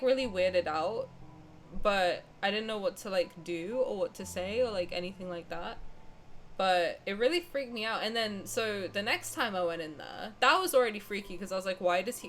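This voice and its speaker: A young woman streamer rambles casually through a long personal story, packing it with fillers and restarting sentences midway. Her voice sits mid-range with a fairly bright tone, and there's slight background noise.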